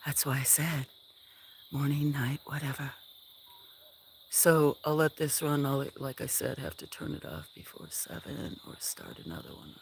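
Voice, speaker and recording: A woman on a casual farm livestream, chatting with viewers and talking softly to her animals. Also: a bass voice, lively intonation, a little slow, creaky. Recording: outdoor noise with chirping crickets. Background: crickets and insects.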